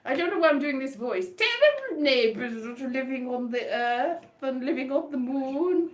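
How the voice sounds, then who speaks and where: A woman's voice: sits high, expressive, moderate pace. A woman performing solo on a live stream, chatting in a rambling, whimsical, playful way and wandering off on tangents. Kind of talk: rambling improvised comic chat between songs. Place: indoor room. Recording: echoey room with faint guitar.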